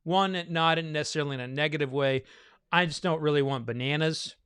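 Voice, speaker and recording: A man's voice: fairly high pitch, a little fast, fairly bright tone, smooth, dry recording, clean studio sound. A man hosting a bourbon tasting, chatting loosely and thinking aloud with many fillers, a little winded from all the talking. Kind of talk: casual live tasting chat.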